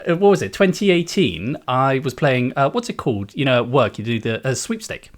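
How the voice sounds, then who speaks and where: A man's voice: medium pitch, very animated, a little fast. A man co-hosting a podcast in casual chat, making dry self-mocking jokes with hesitant fillers. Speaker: podcast co-host.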